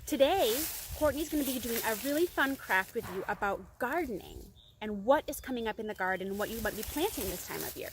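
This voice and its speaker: A woman reading a picture book aloud to children outdoors, expressive and chatty with her young listeners. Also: on the high side, brisk, hardly any pauses, background noise. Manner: bright, expressive storyteller talking to kids. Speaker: children's storytime reader. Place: outdoors among singing birds.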